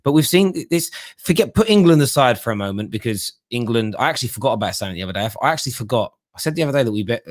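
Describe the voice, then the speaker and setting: A man's voice: medium pitch, animated, rapid-fire, hardly any pauses, dry recording, clean studio sound. A man hosting a live football call-in show, chatting and reading out viewer comments. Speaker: host.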